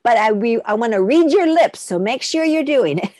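A woman's voice: on the high side, sing-song, measured pace, a little mellow, studio quality. A woman teaching a children's music lesson over a video call, calling out phrases and singing them for the kids to echo back. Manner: call-and-response, sings along.

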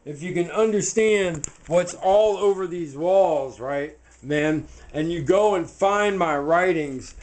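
A man's voice: a little high, takes it slowly, few pauses, a little mellow, rough recording. Rambling man cooking in his kitchen. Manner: loose, talks to camera with fillers like "man" and "right". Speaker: home cooking show host. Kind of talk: rambling casual cooking vlog. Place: home kitchen.

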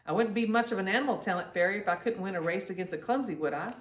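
A woman reading aloud voices a playful young animal fairy who teases brightly. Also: mid-range voice, racing, echoey room, recorded from a distance, lightly acted.

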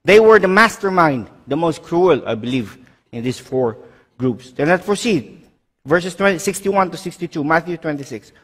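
A male pastor delivering an emphatic sermon in a slightly high voice. He swings sharply between loud declarations and quiet, low asides, and he questions his listeners directly. His voice rings out in a long hall reverb. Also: animated, normal speed.

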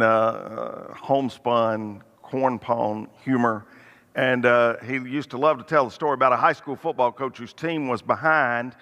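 A man's voice: medium pitch, fairly bright tone. A middle-aged man leading a church Bible study, telling stories and lifting his voice for emphasis. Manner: storytelling, lifts voice for emphasis. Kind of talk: church teaching. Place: church hall. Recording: long hall reverb.

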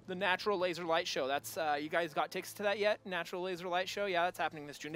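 Goofy high-voiced man playing a game. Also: steady tone, fast, hardly any pauses. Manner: goofy, talks to game creatures, sudden yells. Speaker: gameplay video host. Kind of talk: let's play commentary.

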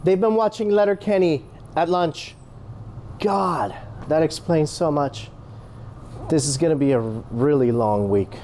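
A man's voice: a little high, unhurried, pauses often, dark tone, slight background noise. A man playing an exasperated boss trying to run a meeting as the straight man in a comedy sketch.

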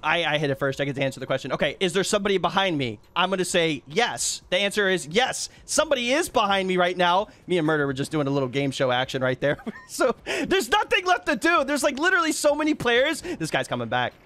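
Excitable high-voiced man yelling over gameplay. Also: fast, few pauses. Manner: loud, excitable, trash-talking, laughs and yells often. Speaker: gaming YouTuber. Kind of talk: energetic gameplay commentary.

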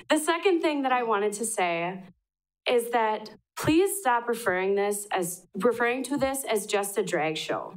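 A woman's voice: a little high, very animated, unhurried, poor audio. A young woman from Wisconsin giving an earnest public comment at a city council meeting.

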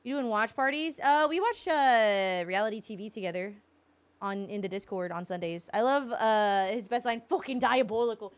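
A woman's voice: medium pitch, moderate pace, clear, resonant tone. A woman streamer in casual livestream chat, blunt and exasperated, swearing often.

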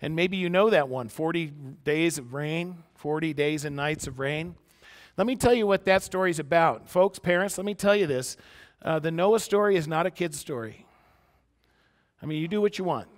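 A man preaching a conversational sermon to a congregation, moving between emphatic points and quiet, soft-spoken asides, picked up by a church microphone. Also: a little high, moderate pace. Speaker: pastor. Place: church sanctuary before a congregation. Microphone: church sound system microphone.

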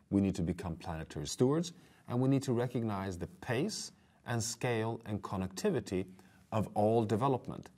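A man with a low, deep voice lectures for an online course. He speaks earnestly and stresses his key points, talking straight to his viewers. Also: darkish tone. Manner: earnest, emphatic, addresses viewers directly.

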